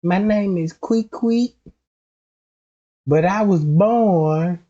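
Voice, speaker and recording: A man's voice: high-pitched, animated, extremely slow, darkish tone. A man in a casual comedic rant, profane and rambling, jumping into quoted voices, on a dull lo-fi recording.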